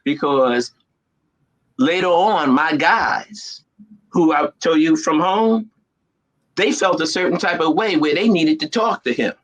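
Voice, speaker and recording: A middle-aged man from New Jersey, an animated storyteller in casual chat who laughs often. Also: on the high side, unhurried, low-quality recording. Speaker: guest.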